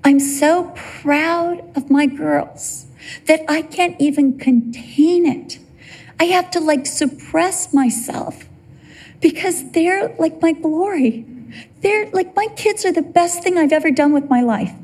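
A woman in her fifties preaching a sermon with an emotional, expressive delivery. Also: high voice, slow pace.

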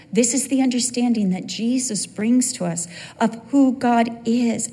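An older woman preaching a sermon, shifting between hushed near-whispers and excited, quick bursts. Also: on the high side, breathy edge, long reverb tail.

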